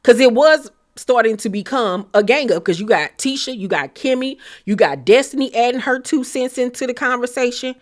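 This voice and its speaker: A woman giving a blunt, profane, animated recap of a reality show in casual commentary. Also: a little high, normal speed, hardly any pauses.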